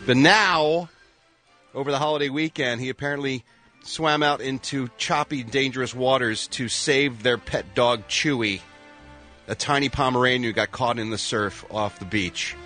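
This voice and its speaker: A man co-hosting a morning radio show, telling showbiz news with jokey, animated banter. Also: mid-range voice, normal speed, soft background music.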